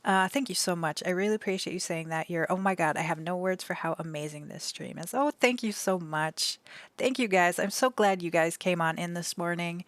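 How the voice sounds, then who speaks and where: A young adult woman streaming from home, talking in a gentle, emotional way with many fillers and restarts. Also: on the low side, dry recording. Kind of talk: casual live-stream chat.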